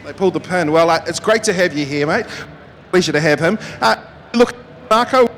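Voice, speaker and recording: A man's voice: on the high side, expressive, a little fast, fairly bright tone, slight background noise. Chatty New pit reporter man. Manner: chatty and friendly. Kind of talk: live trackside interview.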